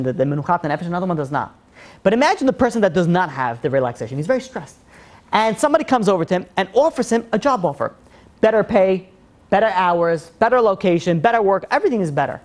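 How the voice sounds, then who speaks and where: A man, a rabbi, giving a class on faith, telling a story expressively and swinging from loud to soft. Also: high-pitched.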